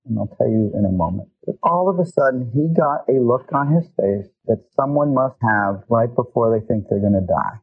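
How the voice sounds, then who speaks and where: A man's voice: medium pitch, slightly rough. A man who is a judge, telling a story to an audience in an earnest, plain-spoken way, heard over a tinny phone-like line.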